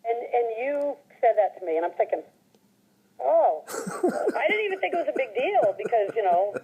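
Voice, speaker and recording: A woman's voice: on the high side, big pitch swings, normal speed, husky, phone-quality sound. A middle-aged woman telling casual anecdotes in a chatty way, often laughing and quoting people. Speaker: storyteller.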